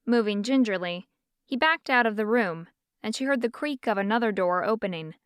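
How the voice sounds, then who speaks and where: A woman narrates a novel in steady, even storytelling. Her voice is smooth and clear at an ordinary pitch. The studio recording is completely dry. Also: normal speed, no echo. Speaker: audiobook narrator. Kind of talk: scripted narration.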